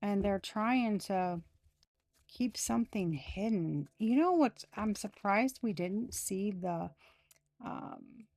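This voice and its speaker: A woman in her thirties gives a casual tarot reading, drawling slowly through fillers and dropping sarcastic asides. Her voice has a gravelly fry. The sound is close and dry, with no room echo. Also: medium pitch, lively intonation, a little mellow. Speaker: tarot reader.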